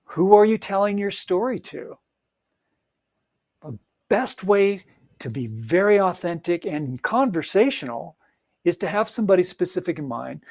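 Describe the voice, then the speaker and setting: A man's voice: high-pitched, creaky, a little mellow. A man hosting a solo coaching podcast, talking earnestly and encouragingly to authors, with frequent fillers and emphatic repetition. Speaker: podcast host and audiobook coach.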